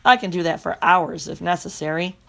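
A woman narrating a children's storybook in the first person, lively and playful. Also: lowish voice, brisk, vocal fry. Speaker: audiobook narrator.

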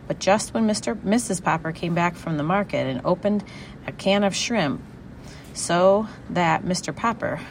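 A woman narrating a children's storybook in an even storytelling manner. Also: fairly low pitch, a little hiss or hum, poor audio. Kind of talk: audiobook reading.

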